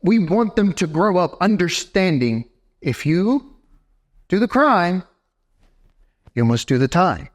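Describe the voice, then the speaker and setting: An animated young male pastor preaching to his congregation, with a high voice that swings widely up and down. He keeps turning to the room with quick "right?" checks, lively and direct. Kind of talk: sermon. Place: church sanctuary.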